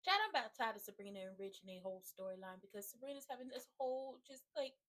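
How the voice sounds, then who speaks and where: A woman content creator giving casual, animated, slangy commentary while recapping a TV drama. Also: a little high, fast talker. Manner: chatty, animated, slangy, acts out characters' lines.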